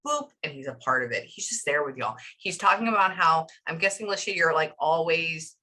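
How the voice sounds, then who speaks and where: A woman's voice: sits low, expressive, brisk, bright, forceful tone. A woman working as a psychic medium, relaying messages in a chatty, emotional reading session full of fillers.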